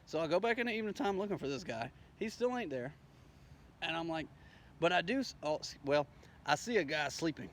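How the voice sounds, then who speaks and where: A man with a drawl tells a rambling, profane story, his pitch leaping high whenever he acts out what people said. His voice sits a little higher than most men's. Faint noise runs under the recording. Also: brisk. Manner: rambling, profane, animated quoting of dialogue. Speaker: storyteller recounting his day. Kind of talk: casual spoken story.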